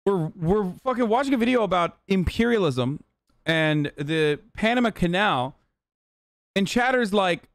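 High-voiced, exasperated man ranting. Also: expressive, normal speed, dry recording, clean studio sound. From United States. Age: 30s. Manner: exasperated, profane ranting at chat. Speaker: streamer reacting to a video. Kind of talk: casual live-stream commentary.

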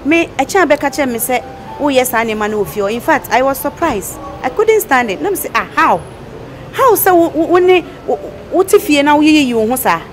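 A woman's voice: high-pitched, lively intonation, a little fast, over music. An actress playing a reproachful woman who speaks in Ghanaian pidgin English and Twi. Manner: scolding, reproachful. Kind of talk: Ghanaian film acting.

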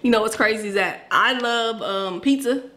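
A woman co-hosting a casual eating vlog, chatting to viewers in a lively, friendly way. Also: a little high, moderate pace, a little hiss or hum. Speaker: vlog co-host. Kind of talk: casual mukbang chat.

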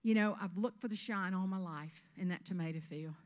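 A woman in her fifties from South Carolina with a Southern US accent, giving a humorous keynote speech on stage with animated storytelling. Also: fairly low pitch, a little fast, big-room sound. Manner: animated storytelling with character voices. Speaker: motivational speaker. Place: event stage before an audience.

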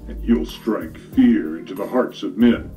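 A man's voice: fairly low pitch, measured pace, mellow, far from the mic, soft background music, pitched below the performer's own voice, lightly acted. A man voicing a crude, slangy male narrator of a pimp training tape, speaking in a mock-instructional way.

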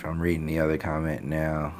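A man's voice: a bass voice, completely flat delivery, brisk, a little hiss or hum. A man ranting to his channel, blunt and profane, stumbling over fillers and restarts as he talks off the cuff. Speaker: channel host. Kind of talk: unscripted ranting commentary.

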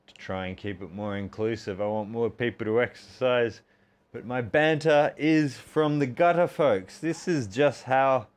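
Australian man, forties, fitness streamer, casual self-mocking chat, unhurried, clear resonant voice. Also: medium pitch. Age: 40s. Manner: chatty, self-mocking, keeps calling the audience folks. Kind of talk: casual chat while working out.

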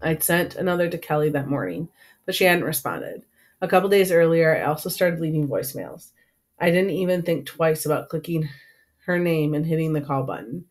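A woman's voice: deep voice, lively intonation, brisk. A woman narrating an audiobook in first person with an earnest, emotional delivery.

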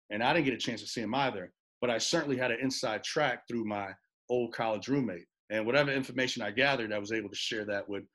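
A middle-aged man, a college basketball assistant coach, telling a recruiting story with animated back-and-forth, often repeating words as he goes. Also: medium pitch. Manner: animated storyteller, repeats words, acts out both sides of phone calls.

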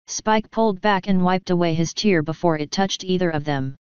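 A woman reading fan fiction aloud in a measured, even storybook narration. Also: on the low side, clean tone, dry recording. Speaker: fanfiction reader. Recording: dull lo-fi dry recording.

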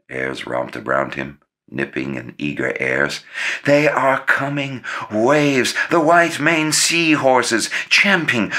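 A man actor giving a slow, theatrical and expressive reading of literary prose. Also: low-pitched.

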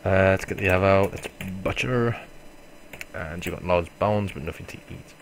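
A deep-voiced gamer with vocal fry talks at normal speed through a casual let's play. He curses and jokes about himself, reacting loudly before muttering. A faint hiss or hum can be heard.

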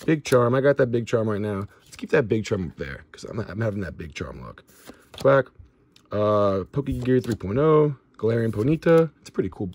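On his card-opening video, a young host speaks in a lowish voice at normal speed, listing cards casually and tripping over a few names. Big pulls set him off shouting and whooping.

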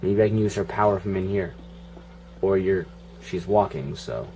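A man's voice: low-pitched, moderate pace, warm tone, slight background noise. A man giving casual, profane running commentary while playing a video game, grumbling and joking at it. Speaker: gaming channel host.

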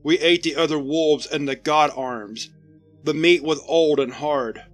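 A man reading the part of a starving, apologetic monster-man soldier, speaking slowly and softly in a begging tone. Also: on the high side, steady tone, faint music behind, natural voice. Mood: pleading. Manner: slow, soft, begging.

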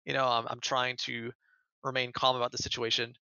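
A man's voice: mid-range voice, little pitch movement, brisk, pushed and bright, smooth, no echo, muffled recording. An American man who is a podcast guest, earnestly retelling events in a casual interview and often repeating words as he goes. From United States.

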